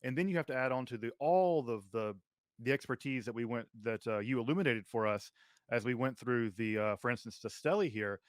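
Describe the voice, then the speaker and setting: A man's voice: medium pitch, a little fast, no echo. A man hosting an academic conversation, speaking emphatically and articulately. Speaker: podcast host.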